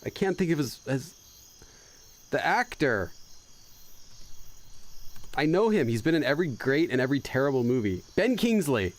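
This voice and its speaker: A man's voice: medium pitch, big pitch swings, normal speed, long pauses. A man hosting a casual let's-play, translating game dialogue aloud and laughing as he loses his train of thought. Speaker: gaming channel host.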